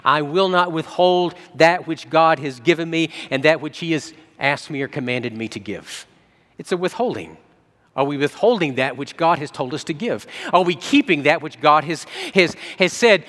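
Male pastor giving a sermon, earnest, restarts a lot, voice slightly high, long hall reverb. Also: a bit bright. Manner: earnest storytelling with frequent restarts.

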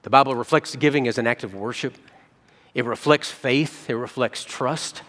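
Pastor preaching in a reverberant hall. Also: male voice, moderate pace. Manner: storytelling, swings between soft low asides and excited high-pitched quoted voices. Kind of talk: sermon.

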